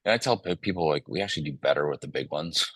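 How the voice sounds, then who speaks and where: A man's voice: rumbling low, quick pace, a bit bright, breathy edge, dry recording. A man speaking as a company CEO guest, telling a long story in an earnest way with plenty of fillers. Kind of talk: casual panel talk, telling a story.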